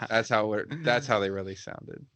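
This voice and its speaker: A man's voice: on the low side, fairly even intonation, normal speed, fairly bright tone, smooth, no echo. A man co-hosting a podcast in casual chat, chatty and laughing along. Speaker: podcast co-host.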